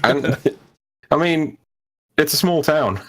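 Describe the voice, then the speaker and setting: A man's voice: on the high side, lively intonation, takes it slowly, a bit bright. A man narrating as game master of a tabletop game, laid-back and sweary.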